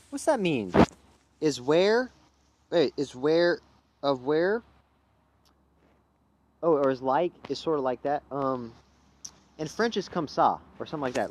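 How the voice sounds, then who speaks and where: A man's voice: a little high, sing-song, measured pace, long pauses, slight background noise. Profane, erratic young man from Louisiana. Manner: profane, loud and erratic, jumping between topics. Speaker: livestream host. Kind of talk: rambling casual livestream chat.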